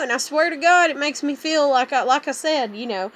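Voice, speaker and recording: A woman's voice: high voice, expressive, fairly quick, few pauses, fairly bright tone. A young woman venting in a heated, rambling, profane monologue. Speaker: vlogger.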